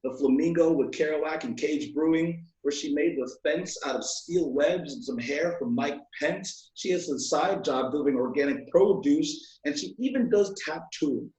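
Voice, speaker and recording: A man's voice: fairly high pitch, moderate pace, few pauses, a little mellow. Male poet, 20s, from Alaska; playful rhythmic reader, echoey room sound. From Alaska, USA. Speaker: poet guest. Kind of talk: poetry reading and casual chat.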